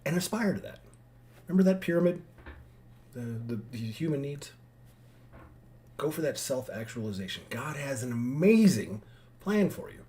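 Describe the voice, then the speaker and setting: A man's voice: mid-range voice, very animated, moderate pace, pauses often, dark tone. A man talking to his daughters in an emotional vlog monologue, heartfelt and rambling, with frequent restarts. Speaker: father addressing his daughters.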